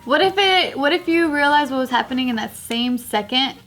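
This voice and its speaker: High-voiced woman, dry quips. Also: animated, brisk, fairly bright tone, faint music behind. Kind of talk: casual chat.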